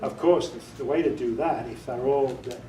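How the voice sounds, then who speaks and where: A man's voice: medium pitch, normal speed, mellow. British man, audiobook director, casual workshop talk, joking, quizzing the audience, distant mic, echoey room. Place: meeting room with a small audience. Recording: echoey room, voice far from the mic, faint noise.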